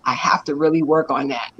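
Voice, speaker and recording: An actress and stunt performer telling stories with animated energy and frequent laughter during an interview. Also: female voice, deep voice, normal speed, dull audio, slight background noise. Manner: animated, laughs often, lively storytelling. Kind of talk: excited storytelling in an interview.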